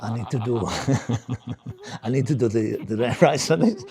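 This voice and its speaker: A British comedian in his forties performs stand-up in a mid-range voice, taking things slowly. He rambles, cuts himself off, and chats with the crowd.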